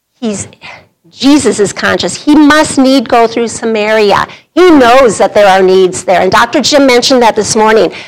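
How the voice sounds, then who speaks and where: Middle-aged midwest woman preaching to ladies, chatty storytelling, laughs a lot, a bit high-pitched. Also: creaky, rough recording. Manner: conversational, laughing through anecdotes. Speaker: women's ministry speaker. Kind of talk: sermon with personal story.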